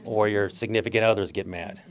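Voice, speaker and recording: Animated man telling stories. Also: lowish voice, brisk, crowd noise. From Mexican-American. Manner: animated, acts out voices and laughs often. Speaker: guest speaker. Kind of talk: storytelling talk.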